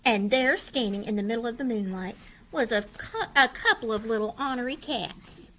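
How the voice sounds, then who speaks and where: A woman's voice: a little high, animated, normal speed, sharp tone, slight background noise, rough recording. A woman reading a children's picture book aloud expressively, asking her listeners questions. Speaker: storyteller.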